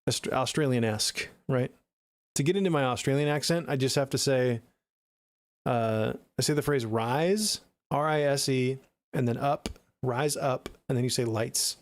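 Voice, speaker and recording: A man's voice: medium pitch, normal speed, dry recording. A man streaming live as a music producer, chatting casually and answering his viewers' messages by name. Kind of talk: casual livestream chat.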